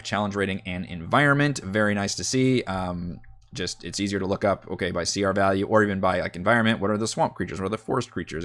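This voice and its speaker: Guy with a lowish voice casually reviewing a game book, excited and rambly. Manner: enthusiastic, chatty, with fillers and laughs. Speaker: reviewer of tabletop game books.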